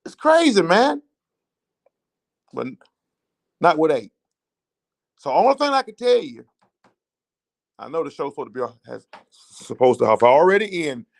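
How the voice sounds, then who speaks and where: Hosting a show for a teachers' association, a Southern man with a higher voice tells an emotional, repetitive story with swelling indignation. He is very animated yet measured in pace, his voice creaky, with long pauses throughout the impassioned monologue.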